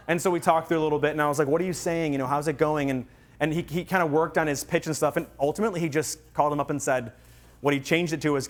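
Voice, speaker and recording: Man, slightly high voice, energetic storyteller, real estate workshop talk. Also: fast talker.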